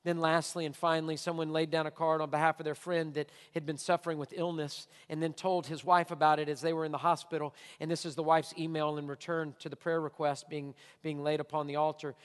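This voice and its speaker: A male pastor preaching a sermon with emphatic delivery, swinging from quiet asides to loud, shouted points. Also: a little high, level tone, fairly quick, hardly any pauses, smooth, big-room sound.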